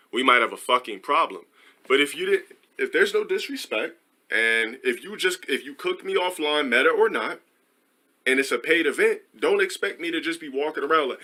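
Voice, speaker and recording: Bright-voiced man ranting on stream. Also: mid-range voice. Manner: rambling, profane, animated. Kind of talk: casual storytelling on a stream.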